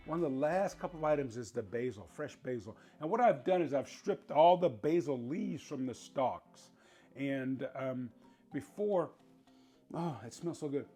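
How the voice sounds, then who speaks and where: A man's voice: mid-range voice, expressive, unhurried, mellow, slightly rough, faint music behind. A middle-aged man hosting a cooking show, chatty and playful, talking straight to his viewers as he cooks. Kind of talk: casual cooking demonstration.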